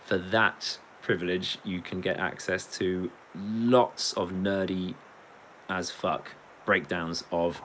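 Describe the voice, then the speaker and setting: A man's voice: low-pitched, fairly even intonation, unhurried, a bit bright, slight background noise, rough recording. An English man chatting casually on a livestream, rambling, joking, swearing and reading viewer comments aloud. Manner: rambling, sweary, jokey, reads chat aloud. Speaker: livestreaming musician.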